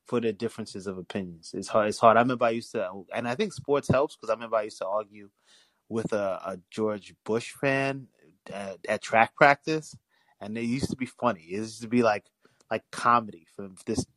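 A young man calling in to a podcast, talking casually in a rambling way, with frequent restarts and animated storytelling. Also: lowish voice, normal speed, dry recording, low-quality recording. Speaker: caller. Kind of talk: casual call-in chat.

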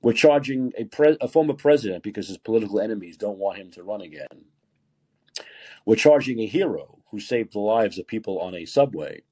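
Husky-voiced man ranting angrily. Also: on the low side, lively intonation, brisk, darkish tone. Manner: angry, profane ranting. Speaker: podcast host. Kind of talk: opinionated political commentary.

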